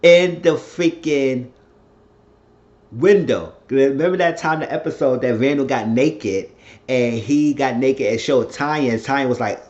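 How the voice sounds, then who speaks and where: A man casually recapping a TV episode, retelling the scenes as quoted dialogue with profane, excitable asides. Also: mid-range voice, unhurried. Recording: dull lo-fi recording.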